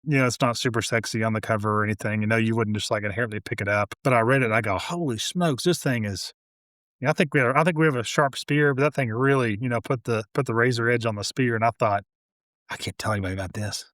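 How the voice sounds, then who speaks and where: Animated storytelling man, dry sound. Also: medium pitch, quick pace, dry recording. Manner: animated storyteller, quoting others. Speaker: home builder guest. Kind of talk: casual interview chat.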